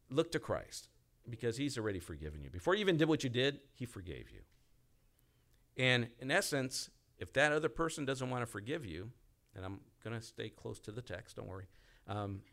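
A man's voice: mid-range voice, a bit bright. A male pastor preaching a conversational sermon, speaking directly to the congregation and acting out the pleas he quotes. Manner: conversational, repeats and restarts, acts out quoted pleas.

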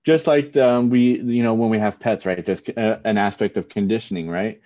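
Middle-aged male pastor, relaxed storytelling preacher, warm dark tone. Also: on the low side, normal speed. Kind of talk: sermon. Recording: dull lo-fi sound.

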